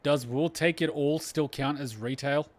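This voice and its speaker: A man's voice: on the high side, unhurried. Sarcastic cursing male game streamer. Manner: sarcastic, swears often, exasperated outbursts. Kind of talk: casual gameplay commentary.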